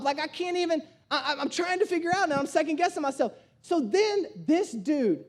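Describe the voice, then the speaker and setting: A young man pastor preaching a sermon, telling a family story in an animated way and repeating key phrases for emphasis. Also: very high-pitched, a little fast. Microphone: streamed sermon.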